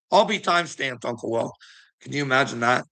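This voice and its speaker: A middle-aged man rants in a gravelly, tense voice, swearing freely and breaking into laughter. He taunts someone he calls "bud". His tone stays sharp and edgy. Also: mid-range voice, lively intonation, normal speed. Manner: taunting, addresses the listener as bud. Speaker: vlogger. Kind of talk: profane ranting monologue.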